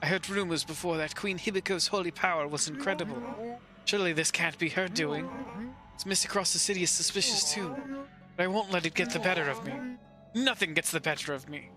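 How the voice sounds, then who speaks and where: A man's voice: high-pitched, fairly quick, music in the background, lightly acted. A man reading a cocky martial artist. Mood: boastful. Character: boastful young male martial artist.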